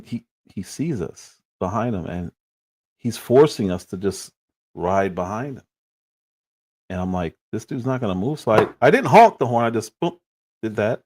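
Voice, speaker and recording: Animated low-voiced male livestream host. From Chicago. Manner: animated, laughing, acts out quoted lines. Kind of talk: casual livestream storytelling.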